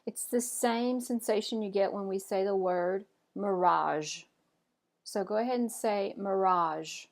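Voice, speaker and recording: A woman guiding learners through French sounds in a patient, encouraging way. She says each example slowly and clearly, then prompts her students to try it. Her pitch is in the middle range. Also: a little mellow. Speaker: French teacher. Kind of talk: pronunciation lesson.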